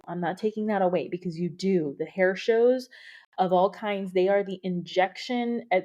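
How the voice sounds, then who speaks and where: Breathless, gushing woman podcast host. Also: medium pitch. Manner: excited, gushing, lots of "like" fillers. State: a bit out of breath. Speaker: podcast host, beauty industry coach. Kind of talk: solo podcast monologue. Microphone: podcast microphone.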